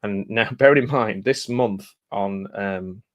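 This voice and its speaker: A man with a voice on the low side rambles casually through a stack of film blurbs. He reads a bit, stops to muse, trips over himself, and picks the thread back up. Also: a little slow, lo-fi sound. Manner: rambling, self-interrupting, musing aloud; reads blurbs then breaks off with asides. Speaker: film vlogger. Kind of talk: casual chat, reading film blurbs aloud.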